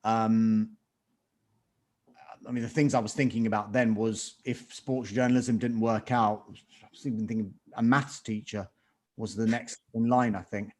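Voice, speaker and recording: A man's voice: fairly low pitch, little pitch movement, measured pace, darkish tone. A man, a sports reporter on a panel, answering reflectively and trailing off at the ends of his lines. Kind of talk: panel discussion.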